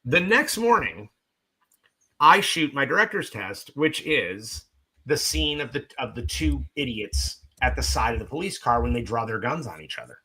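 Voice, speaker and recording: A man's voice: mid-range voice, sing-song, normal speed, pushed and bright, husky, low-quality recording. A man, a film director and guest, telling an anecdote and acting out other people's lines in quoted voices.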